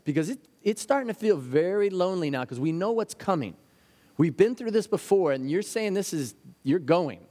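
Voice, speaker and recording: A man's voice: fairly high pitch, animated, fairly quick, a little mellow. A man preaching a sermon as a pastor, earnest and story-driven, sometimes acting out the anxious voices of children. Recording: hall with long reverb.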